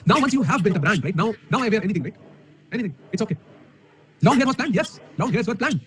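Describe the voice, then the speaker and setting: A man's voice: sits high, very animated, fast talker, fairly bright tone, slight background noise. A man with an Indian English accent, an online coding teacher speaking energetically to a live audience, full of emphatic rhetorical questions. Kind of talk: live-stream talk to an audience. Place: room alone. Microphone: camera mic.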